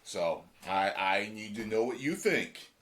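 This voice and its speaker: A man's voice: on the low side, expressive, a little slow, fairly bright tone, slight background noise. A man hosting a reaction video, chatting casually and animatedly with fillers.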